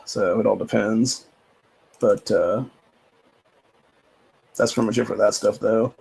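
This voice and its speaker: A man's voice: fairly low pitch, steady tone, unhurried, vocal fry, a little mellow, slightly rough, low-quality recording. A man hosting a livestream, talking in a rambling, profane, casual rant with lots of repeated filler phrases. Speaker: livestream host.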